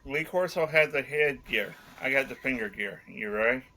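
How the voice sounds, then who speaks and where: A man bantering in a casual sports chat, his voice bright and forceful. He sits at a middle pitch and keeps things playful. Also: lively intonation, moderate pace. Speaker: podcast co-host.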